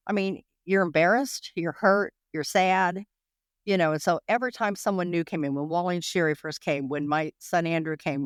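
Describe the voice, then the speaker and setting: Fast-talking woman recalling hard times. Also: fairly low pitch, clear, resonant tone, dry recording, clean studio sound. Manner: rapid, emotional, full of restarts and "you know". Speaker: interview guest. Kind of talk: candid interview recollection.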